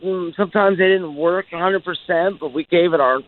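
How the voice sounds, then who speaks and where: A man's voice: high voice, a little fast. A man casually reflecting in an interview, rambling, searching for words and swearing a lot. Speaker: interviewed musician. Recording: tinny phone-like clip.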